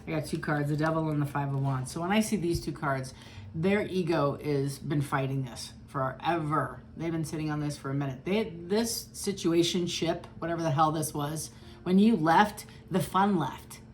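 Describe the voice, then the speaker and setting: Woman, low voice, casual tarot reading, blunt, swears, chatty. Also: normal speed, slight background noise. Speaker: tarot reader.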